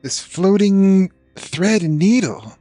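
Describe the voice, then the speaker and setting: A laid-back hippie druid lumpen, a small stitched creature, drawls in a tabletop role-playing game, as a man puts on the voice. His speech swings up and down in a lilting, sing-song way. The voice sits fairly high, and the sound is close and dry. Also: expressive, takes it slowly, dark tone, no echo, soft background music. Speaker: player. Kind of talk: tabletop role-play in character.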